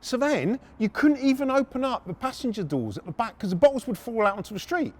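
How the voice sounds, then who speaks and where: A man hosting a storytelling podcast, brash and animated, with frequent swearing. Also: extremely high pitch, fast. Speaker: podcast host.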